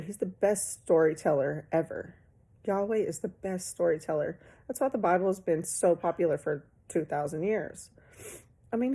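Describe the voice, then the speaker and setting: A woman in her forties giving an emotional spiritual testimony, slow and halting, sighing, with phrases trailing into whispers. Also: fairly low pitch, creaky, warm tone, slightly rough. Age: 40s.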